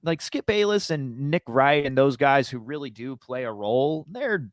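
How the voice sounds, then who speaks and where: A man's voice: mid-range voice, expressive, normal speed, no echo, clean studio sound. A man co-hosting a podcast, rambling through casual sports chat with many restarts. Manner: rambling, lots of fillers and restarts. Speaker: podcast co-host.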